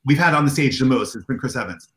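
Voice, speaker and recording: Animated man telling stories in a roomy echo. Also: medium pitch, fast. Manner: animated, enthusiastic storyteller who acts out dialogue. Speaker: convention organizer, guest. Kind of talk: anecdotal interview storytelling.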